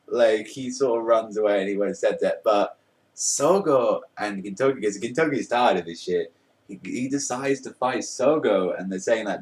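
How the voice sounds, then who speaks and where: Young man, manga review, low voice, rambling and filler-heavy, slightly distant mic. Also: normal speed. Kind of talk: casual chapter review.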